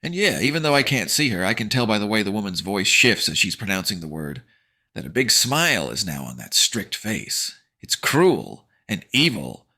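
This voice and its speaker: A man's voice: on the low side, sing-song, a little fast, bright, forceful tone. A man narrating a horror-comedy audiobook in first person as a sarcastic teenage boy, with slangy, wry asides. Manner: sarcastic slangy teen banter.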